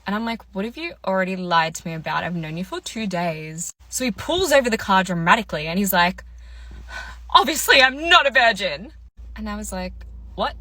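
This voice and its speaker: Bright-voiced young woman telling a story. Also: medium pitch, animated, a little fast, no room sound. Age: 20s. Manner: chatty, quotes people in their voices. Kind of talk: casual story time monologue.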